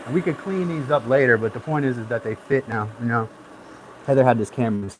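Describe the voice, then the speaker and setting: A man's voice: medium pitch, fast talker, slight background noise, poor audio. Easygoing man hosting a live stream. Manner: rambling, easygoing, gives hands-on tips. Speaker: livestream host. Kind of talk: casual live-stream chat.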